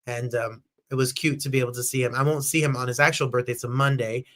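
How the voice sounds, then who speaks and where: A man in his thirties from New Jersey hosting a lively live-stream chat show, gushing and bubbly, sometimes jumping into falsetto squeals and bits of song. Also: fast. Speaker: host.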